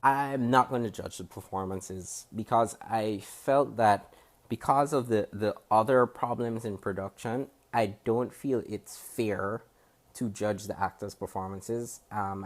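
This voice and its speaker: A Jamaican man with a fairly low voice, serving as a TV show reviewer, speaks directly to a camera facing him. He is critical yet measured, breaking off and restarting sentences as he works through his points.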